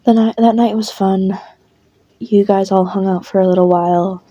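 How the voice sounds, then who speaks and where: A woman's voice: medium pitch, steady tone, normal speed, warm tone, no echo, dull audio. A young woman narrating a listener role-play audio in a casual, rambling way, full of fillers and swearing.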